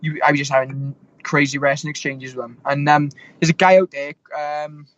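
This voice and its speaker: A man's voice: fairly high pitch, steady tone, a little fast, no echo, muffled recording. A young man in his twenties, a fighter, rambling through stories with lots of fillers and restarts. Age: 20s. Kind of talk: casual interview storytelling.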